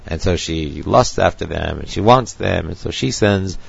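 A man teaching a text lecture, measured and thinking aloud as he goes. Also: sits low, expressive, vocal fry, breathy edge, dry recording, highs cut off. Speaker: Torah teacher.

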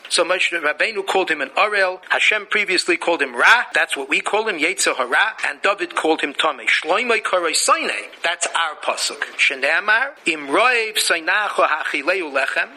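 A man's voice: on the high side, sharp tone, poor audio. A man giving a Torah lecture, chanting Hebrew verses and telling jokey stories. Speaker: rabbi teaching Torah.

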